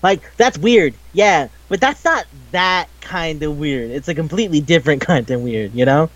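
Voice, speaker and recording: A man chatting casually about a video game, rambling and swearing as he acts out the characters' lines in quick bits. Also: a little high, lively intonation, highs cut off. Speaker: podcast co-host.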